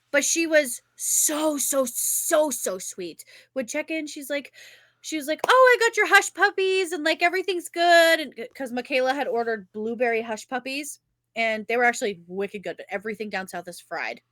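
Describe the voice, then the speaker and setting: A young woman, co-hosting a podcast and telling a rambling, animated story in casual chat, swearing freely. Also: on the high side, normal speed, dry recording. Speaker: podcast co-host.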